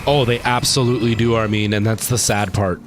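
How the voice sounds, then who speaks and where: With a lowish voice, fairly even intonation, and a brisk pace, this Canadian streamer talks casually to his viewers during a live game, a little hiss or hum audible in the recording. He sounds tired and rambles chattily to chat as he plays.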